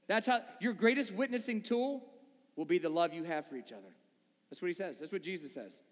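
A man's voice: high-pitched, brisk, a bit bright. Guy pastor preaching, asks the room lots of questions, talks like normal chat, big echoey church. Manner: conversational preaching with many repeated rhetorical questions. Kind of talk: sermon. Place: church sanctuary before a congregation. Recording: long reverb of a large hall.

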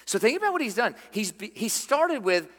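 Southern preacher in a reverberant hall. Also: male voice, high voice, very animated, fairly quick. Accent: Southern American. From American South. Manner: earnest preaching, dropping to hushed tones for emphasis. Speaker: pastor. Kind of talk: sermon. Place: church sanctuary.

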